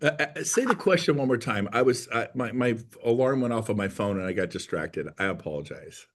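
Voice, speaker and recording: A man's voice: mid-range voice, expressive, a little fast. A middle-aged man, a real estate guest speaker, telling stories energetically and acting out quoted voices. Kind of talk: animated storytelling talk.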